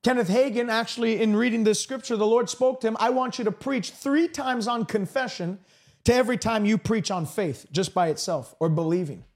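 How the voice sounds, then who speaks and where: A man preaching a broadcast sermon with an emphatic, repetitive cadence. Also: very high-pitched.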